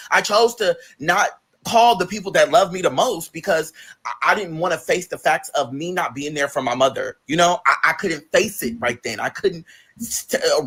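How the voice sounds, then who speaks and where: A man with a high-set, very bright voice tells his own story with raw feeling. He is emphatic and full of cursing, and he often jumps up into sharp, high outbursts. His delivery is personal and unscripted. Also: husky. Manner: emphatic and profane, with sudden high-pitched outbursts. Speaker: guest telling his life story on a livestream.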